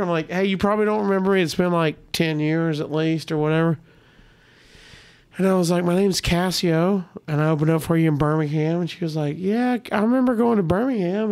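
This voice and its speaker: A man's voice: a little high, smooth. A man, a comedian guest, telling stories in casual podcast chat and acting out the people he quotes. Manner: animated storyteller, acts out quotes.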